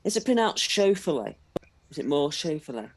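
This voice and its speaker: A man's voice: a little high, sing-song, normal speed, crowd noise. A British man co-hosting a sports watch-along, plainly calling what happens on screen. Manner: plain, calls the action on screen. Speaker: live stream co-host. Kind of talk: casual sports commentary chat.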